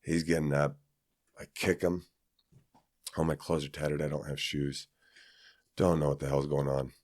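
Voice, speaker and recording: A man's voice: rumbling low, little pitch movement, moderate pace, a little mellow, no room sound, clean studio sound. A man from Kansas, a podcast guest, telling a personal story in a rambling, casual way with many fillers and restarts.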